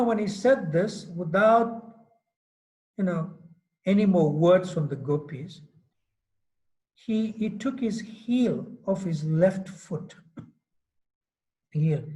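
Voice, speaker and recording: A man teaching a scripture class, retelling a story with lively acted-out quotes and frequent "you know" asides. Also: fairly high pitch, poor audio. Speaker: monk lecturer.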